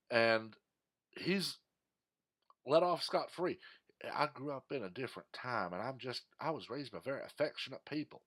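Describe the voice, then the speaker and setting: A man's voice: medium pitch, a bit bright. Indignant man ranting in a commentary. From Texas. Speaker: political commentator. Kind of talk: opinion commentary monologue.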